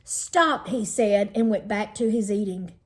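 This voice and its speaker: A woman teacher reading a children's chapter book aloud in an unhurried storytelling manner, slowing down over lists. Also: mid-range voice, steady tone, dark tone.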